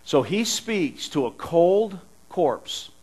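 A middle-aged man preaching a conversational sermon as pastor, animated, often restarting his words and chuckling as he talks. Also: high-pitched, slow, husky, poor audio.

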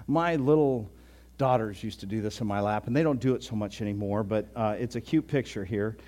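A man's voice: on the low side, brisk, dark tone. A man in his sixties, a pastor, giving a folksy, conversational sermon, often chuckling and restarting his sentences.

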